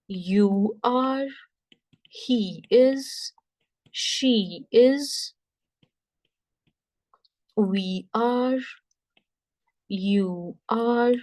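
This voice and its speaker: A woman teaching French, explaining slowly step by step, often repeating herself and checking in with "right?". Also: medium pitch, a little mellow, no room sound. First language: Punjabi. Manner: slow, repetitive, checks understanding with "right?". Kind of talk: classroom lesson explanation.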